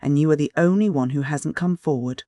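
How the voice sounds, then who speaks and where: Male reader doing a calm, cold investigator with dry irony, higher-pitched, dry sound. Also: a little fast, no echo, close to an everyday voice. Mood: cool. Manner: calm, cold, faintly ironic. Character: cool, ironic middle-aged male investigator.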